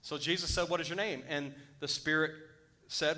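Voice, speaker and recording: A man's voice: fairly high pitch, fairly even intonation, normal speed, sharp tone. A man preaching a sermon, reading scripture aloud and breaking off to exhort his listeners. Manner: rises to urgent exhortation. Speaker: pastor.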